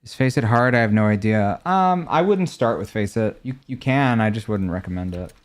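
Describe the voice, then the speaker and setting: A young man talks casually through a game stream in a slightly low voice. He answers viewers' questions in a relaxed, chatty way. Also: normal speed. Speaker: gaming streamer. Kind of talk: casual chat while showing game skins.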